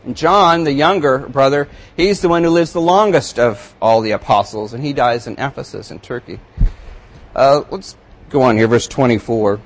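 A male pastor preaching a sermon, reading scripture aloud with rising emphasis and then commenting in a quieter, conversational tone. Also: mid-range voice, normal speed, poor audio.

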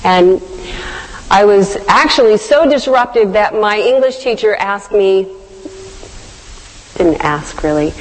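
A woman delivering a devotional sermon with an earnest, reflective tone. Her voice sits in an ordinary middle pitch. It carries a long reverb, as in a large hall. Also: a little hiss or hum. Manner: earnest storytelling, slow and reflective. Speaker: devotional speaker. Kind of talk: sermon with personal story.

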